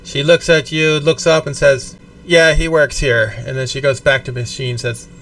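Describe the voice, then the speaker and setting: A man's voice: mid-range voice, fairly even intonation, fairly quick, a bit bright. A man running a tabletop game as game master, narrating in a casual, profane, descriptive way. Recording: distant mic with faint background noise.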